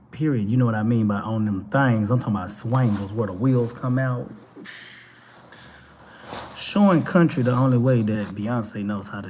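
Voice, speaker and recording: A man with a Texan accent giving casual, animated commentary as a talk show host, speaking straight to his viewers. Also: mid-range voice, slight background noise. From Texas. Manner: animated, preachy, addresses viewers directly.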